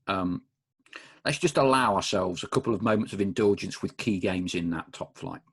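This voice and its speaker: A man's voice: deep voice, moderate pace, slightly rough. A man hosting a supporters' podcast, asking questions in an eager, enthusiastic way. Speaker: podcast host, club supporter. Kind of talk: casual interview.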